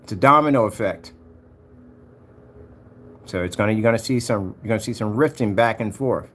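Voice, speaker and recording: A man ranting in a taunting, mocking way to his viewers, jumping between loud jabs and low mutters. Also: normal speed. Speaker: vlogger. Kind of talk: ranting monologue to camera.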